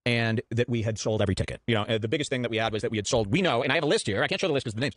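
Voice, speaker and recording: A man's voice: medium pitch, racing, a bit bright, dry recording. A man hosting a podcast, telling a story in a rambling, sarcastic way over clips. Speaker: podcast host. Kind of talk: casual podcast commentary.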